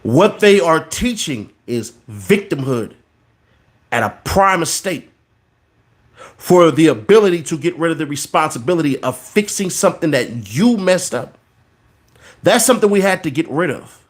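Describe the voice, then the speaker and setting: A man's voice: fairly high pitch, big pitch swings, normal speed. Preachy man riffing on a podcast. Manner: preachy, repeats words for emphasis. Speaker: podcast host. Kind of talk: casual commentary monologue.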